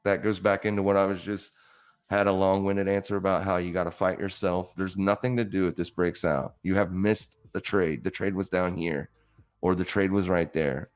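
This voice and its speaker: Deep-voiced man coaching traders bluntly. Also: flat delivery, moderate pace, clean tone. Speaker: forex trading streamer. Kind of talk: casual live-stream chart talk.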